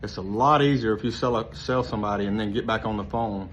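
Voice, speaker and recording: A man with a relaxed, rambling manner, giving casual sales training full of fillers and restarts. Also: lowish voice, fast. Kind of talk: casual instructional talk. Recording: slightly dull lo-fi with faint noise.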